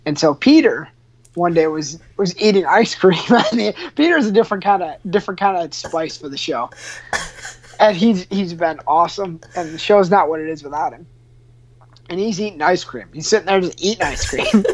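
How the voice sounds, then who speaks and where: A man's voice: high-pitched, expressive, moderate pace. A man working as a radio show producer, telling a funny story in a loose, chatty way with lots of restarts and laughs. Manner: laughs often, many restarts and fillers. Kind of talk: casual storytelling. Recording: muffled lo-fi sound.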